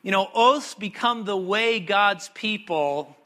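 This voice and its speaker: A man delivers a sermon in a high, bright voice. He drops to quiet asides, then punches key words with sudden loud emphasis, like a dramatic preacher. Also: slow pace. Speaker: pastor.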